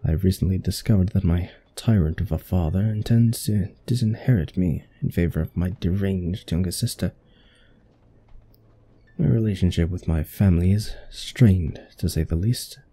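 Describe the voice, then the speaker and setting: A man voicing a scheming young male heir who plots a murder, in a put-on British accent and with a cold, measured delivery. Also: sits low, mellow, slightly rough, full character voice. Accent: attempted British accent. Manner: cold, measured villain narration.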